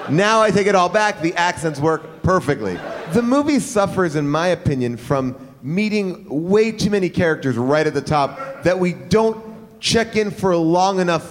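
A man's voice: high voice, animated, moderate pace. A man co-hosting a casual movie review chat, wry and rambling. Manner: wry, rambling, playful impressions. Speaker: podcast co-host.

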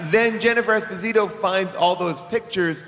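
A man hosting a live comedy podcast in front of an audience, quick and joking as he leads the show. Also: sits high, big-room sound, background noise. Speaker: podcast host.

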